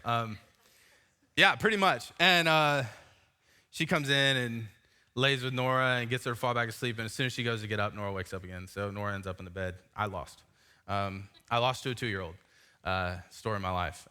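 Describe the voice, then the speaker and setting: A man's voice: mid-range voice, sharp tone. A man in his thirties, a pastor, giving a sermon in a church, telling a self-mocking personal story in a casual way. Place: church sanctuary.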